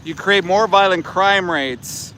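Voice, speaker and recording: A man's voice: sits high, slow pace, bright, forceful tone, slight background noise. A middle-aged man doing livestream commentary outdoors, blunt, profane and indignant. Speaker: animal rights activist, livestreamer. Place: outdoors by a roadside.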